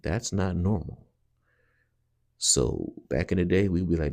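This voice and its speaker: A man's voice: sits low, expressive, measured pace, creaky, darkish tone, no room sound, clean studio sound. A man hosting a video channel, talking straight to his viewers in an earnest, rambling way. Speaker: channel host. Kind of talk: casual video commentary.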